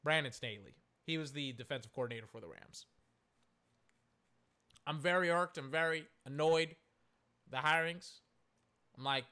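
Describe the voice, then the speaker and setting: Brief: high, bright male sports commentator, exasperated solo rant, keeps correcting himself. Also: normal speed, pauses often.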